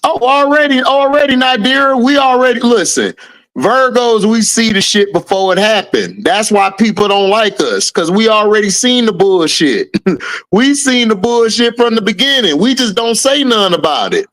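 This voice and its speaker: A man's voice: sits high, very animated, moderate pace, a bit bright. A man hosting a casual livestream, reading out viewer names and answering the chat, laughing often. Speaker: livestream host. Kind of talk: casual live-chat commentary.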